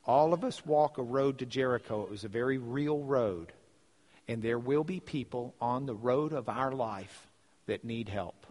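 Animated male preacher in an echoing hall. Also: medium pitch, measured pace. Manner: animated storyteller, repeats phrases. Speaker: pastor. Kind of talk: sermon storytelling. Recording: reverberant hall.

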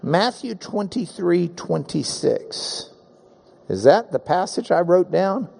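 A man's voice: sits high, sing-song, slow, gravelly, dark tone. A man preaching a sermon, emphatic and engaging his listeners with questions and call-and-response, with touches of self-deprecating humor.

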